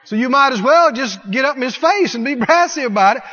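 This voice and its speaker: A man preaching a sermon in an animated way, shouting and laughing as he mimics scenes. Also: extremely high pitch, fairly quick. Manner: animated, mocking voices, laughing at the devil. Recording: dull sound with long hall reverb.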